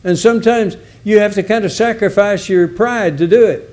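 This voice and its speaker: A man's voice: sits high, moderate pace, a little mellow. A man preaching a sermon in a folksy, emphatic way, repeating key words for weight. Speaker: visiting preacher.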